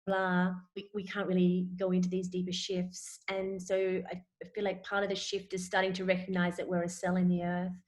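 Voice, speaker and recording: A woman guest in a spiritual conversation, speaking in halting, searching phrases and often repeating words as she finds them. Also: fairly low pitch, completely flat delivery, a little mellow.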